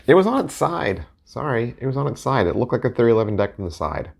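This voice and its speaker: A man's voice: mid-range voice, very animated, fast, gravelly. A middle-aged man rambling casually as he reviews playing-card decks, joking and poking fun at himself. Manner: rambling, joking and self-mocking. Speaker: deck collector and video host.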